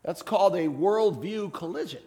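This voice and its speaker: High-voiced preacher in a reverberant hall. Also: male voice, lively intonation, moderate pace, mellow. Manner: conversational preaching with rhetorical questions and light humor. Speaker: pastor. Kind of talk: sermon.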